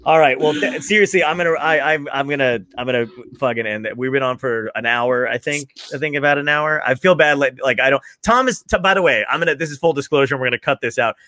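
A man's voice: mid-range voice, quick pace, hardly any pauses, sharp tone. A man hosting a podcast, telling rambling funny stories in casual chat, laughing often and swearing freely. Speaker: podcast host.

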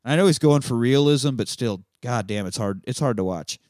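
A man's voice: mid-range voice, animated, darkish tone, no echo, clean studio sound. Chatty, swearing man recapping a film. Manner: profane, chatty and quick to laugh, acts out quotes. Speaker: movie podcast host. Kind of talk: casual chat, retelling a film scene by scene.

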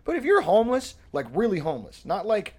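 A man chats on a podcast in a rambling, animated way, swearing freely. His voice sits on the high side for a man. He piles one tangent onto the next as he tells a story. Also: quick pace, breathy edge. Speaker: podcast co-host. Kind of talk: casual comedic chat.

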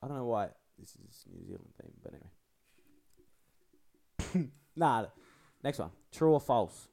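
Gravelly lively quizmaster man. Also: medium pitch, a little slow. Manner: laughing, teasing and swearing. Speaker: podcast host running a trivia quiz. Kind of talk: casual chat, quizmaster.

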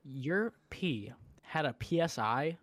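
A man's voice: fairly high pitch, animated, slow, a bit bright, no room sound. A young man co-hosting a podcast, telling rambling stories and joking in slang. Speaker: podcast co-host. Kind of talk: casual chat.

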